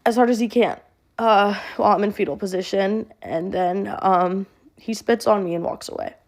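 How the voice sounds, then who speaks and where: A young woman telling a personal story to camera in a flat monotone, halting and full of fillers. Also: medium pitch. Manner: halting, with many fillers and restarts. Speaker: social media creator.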